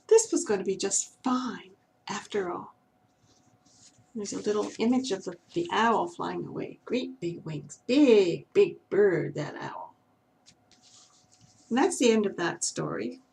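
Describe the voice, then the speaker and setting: A woman reading a children's story aloud in a gentle, expressive way. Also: mid-range voice.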